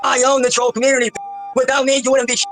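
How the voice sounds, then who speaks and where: A man ranting angrily on a stream call, shouting profane insults and repeating himself. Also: very high-pitched, flat delivery, fast, soft background music, poor audio. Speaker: caller on a stream. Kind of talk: angry ranting.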